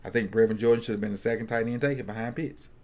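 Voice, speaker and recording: A man's voice: mid-range voice, fairly even intonation, very fast, a little mellow. A man talking casually at a football draft watch party. He jokes and thinks aloud, often restarting his sentences. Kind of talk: casual chat.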